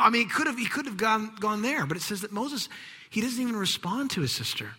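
Animated preacher man in a reverberant hall. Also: high-pitched, fast talker, slightly rough. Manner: animated, acts out quoted voices, drops to hushed whispers. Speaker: pastor. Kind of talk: sermon.

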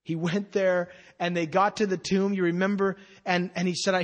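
A man preaching a sermon as pastor, expressive, swinging from hushed to emphatic and repeating phrases for emphasis. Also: high-pitched, normal speed, few pauses.

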